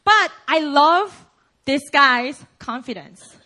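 Lively high-voiced woman preaching. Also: takes it slowly. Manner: playful, laughing asides to the congregation; asks the audience questions. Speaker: pastor. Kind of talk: sermon.

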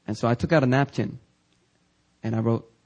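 A man's voice: mid-range voice, brisk, a little mellow. A pastor preaching a sermon in a chatty storytelling way, with many fillers, often laughing at his own story. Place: church.

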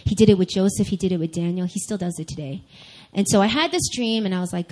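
A young adult woman giving a sermon-style personal testimony, candid and animated, speaking straight to her listeners. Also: mid-range voice, quick pace, rough recording.

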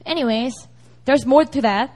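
Young woman, casual sermon, high voice, chatty and conversational. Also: moderate pace. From South Korea. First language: Korean. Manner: chatty, with frequent "you know" and "right?". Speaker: preacher.

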